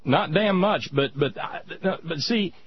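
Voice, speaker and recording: A man's voice: a little high, takes it slowly. A male radio talk show host in casual, blunt political chat, sardonic and full of restarts. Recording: dull lo-fi radio with faint hiss.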